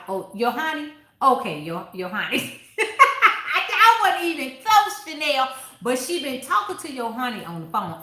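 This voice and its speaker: A woman with a high, bright voice chats through her book club review, blunt and salty, cutting off to answer viewers as they come in. She sounds like she is in an echoey room. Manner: blunt, profane and animated, answering viewers mid-sentence. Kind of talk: casual book review chat.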